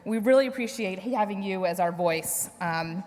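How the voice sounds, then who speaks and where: A woman's voice: mid-range voice, moderate pace, a little mellow. A woman chairing an event, thanking the speakers and opening questions in a friendly way. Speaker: event host, committee chair. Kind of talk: hosting a Q&A. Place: event hall. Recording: echoey hall with audience, faint hiss.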